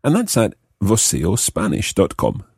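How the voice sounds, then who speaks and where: A man hosting a podcast language lesson, explaining slowly and repeating example phrases. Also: lowish voice, huge pitch swings, darkish tone, husky, no room sound, clean studio sound. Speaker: language teacher host.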